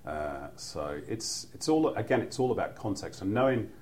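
A man's voice: fairly low pitch, very animated, normal speed, a little mellow, slight background noise. A middle-aged man with a Mancunian accent, a football commentator chatting as a guest, rambling through anecdotes with lots of "you know" and restarts. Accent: Mancunian English. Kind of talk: relaxed podcast chat.

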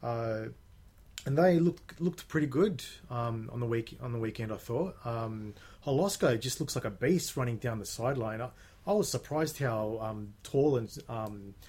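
A man's voice: medium pitch, moderate pace, darkish tone. A man on a radio football panel, chatty and hesitant, full of ums. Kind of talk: casual radio chat.

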